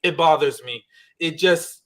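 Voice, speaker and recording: A man co-hosting a podcast, recapping a reality show in a casual, animated way and acting out the lines he quotes. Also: on the high side, measured pace. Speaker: podcast co-host.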